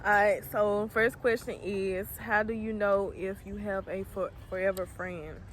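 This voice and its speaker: A young woman co-hosting a casual chat outdoors, drawing her words out slowly. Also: medium pitch, fairly even intonation, slight background noise. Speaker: co-host.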